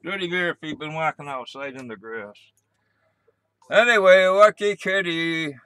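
An older man hosting a casual livestream, rambling and repeating himself, gruff and cursing mildly as he wanders between stories. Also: fairly high pitch, measured pace, sharp tone, no echo. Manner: repetitive, meandering, gruff with mild cursing. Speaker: livestream host. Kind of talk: rambling casual live chat.

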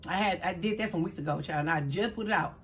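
A middle-aged mukbang vlogger from New Orleans, Louisiana, eats on camera at home in front of a green screen while telling a story in a Southern accent. She talks fast, trips over her words, and calls listeners "child". Her voice is on the low side, with a slight hiss or hum in the background.

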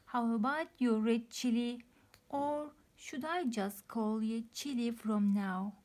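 A woman's voice: fairly high pitch, takes it slowly, darkish tone. Storybook villain: woman voicing a screeching, cackling little pea who hates fun. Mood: gloating. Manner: screechy, gleeful menace.

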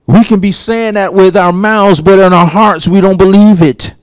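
A man preaching a sermon, slow and emphatic, with long pauses between phrases. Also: sits high, steady tone, no echo. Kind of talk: sermon teaching.

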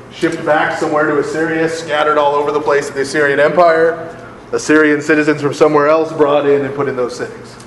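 A man's voice: a little high, echoey room, big-room sound, a little hiss or hum, rough recording. A man, a priest, leading a live Bible study for a group, conversational and often laughing, checking in with his listeners. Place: large hall with a live group.

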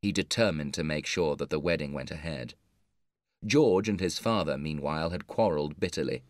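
Deep guy reading a story for english learners, steady, dry sound. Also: dry recording. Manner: measured, clear reading. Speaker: narrator.

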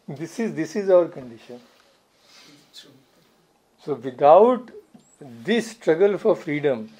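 A man's voice: a little high, darkish tone. A man giving a spiritual talk as a swami, earnest, repeating phrases for emphasis. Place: society hall.

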